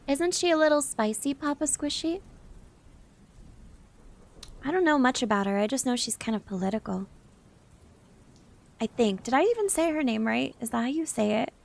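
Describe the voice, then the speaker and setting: A young Southern woman from the United States, with a high, gravelly voice, chats casually with her live-stream audience as a VTuber. She reads messages aloud as she answers them.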